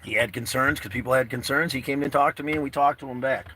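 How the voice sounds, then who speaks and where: A man with a husky, medium-pitched voice that sounds pushed and bright talks quickly. He's a travel vlogger doing a casual live stream from his car outdoors, rambling in a laid-back style and addressing viewers directly.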